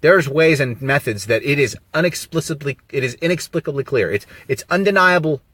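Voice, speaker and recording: A man's voice: mid-range voice, a little fast, slightly rough, dry recording. Emphatic man ranting on a live stream. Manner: rambling, emphatic, animated rhetorical questions. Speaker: vlogger on a live video. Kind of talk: casual live-stream monologue. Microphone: phone on a mobile signal.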